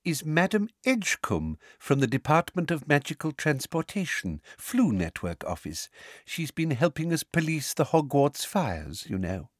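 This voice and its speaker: A sickly-sweet, silky witch official, as a male reader puts her on, pitched well up with a lilting, swooping line. Her honeyed tone hides a sharp, snappish edge. It is read in a dry, close storybook voice. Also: big pitch swings, a little slow, dry recording. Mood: coaxing.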